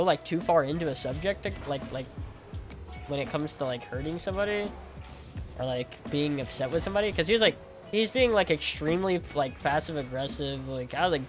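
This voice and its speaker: A man's voice: a little high, lively intonation, a little fast, sharp tone. A young man with a slightly raised voice chats loosely with his live-stream audience while he plays. He rambles and circles back, stacking fillers and repeating himself. Faint music sits underneath. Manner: rambling, full of "like" and repeated words. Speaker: game streamer. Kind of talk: casual live-stream chat while gaming.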